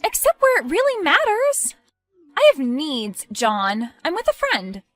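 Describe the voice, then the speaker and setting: A woman's voice: high voice, big pitch swings, measured pace, soft background music. A woman playing a demanding, sulky pregnant young girlfriend who whines and sneers. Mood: scornful. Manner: whiny, sarcastic.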